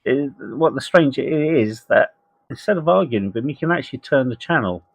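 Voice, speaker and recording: A man's voice: medium pitch, lively intonation, a little fast, creaky, slightly rough. A man on a casual online panel, speaking in a matter-of-fact way.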